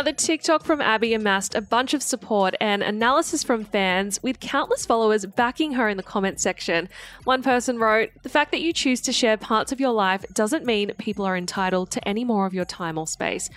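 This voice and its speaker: Female presenter, scripted celebrity news, brisk slangy delivery. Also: mid-range voice, fairly bright tone. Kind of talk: scripted gossip news read.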